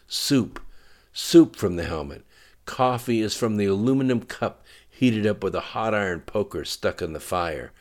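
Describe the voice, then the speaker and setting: A man voicing a gruff, blunt older general in an audiobook, profane and plain-spoken. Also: fairly low pitch, expressive, measured pace, voice pushed up. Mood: wry.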